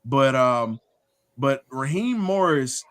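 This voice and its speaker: A man, hosting a casual sports talk show, animated and storytelling, with laughs and swearing. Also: mid-range voice, slow. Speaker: podcast host.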